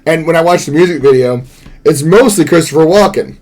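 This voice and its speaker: During a live stream, a man chats casually with viewers, rambling, singing along and laughing easily and often. His voice is fairly high, slightly mellow, and a little fast.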